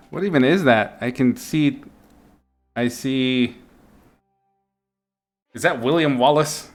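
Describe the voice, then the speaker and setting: A man's voice: medium pitch, extremely slow, long pauses, faint music behind. A man chatting casually with his live-stream audience while he paints, playful and giggly, greeting viewers by name and making up silly words.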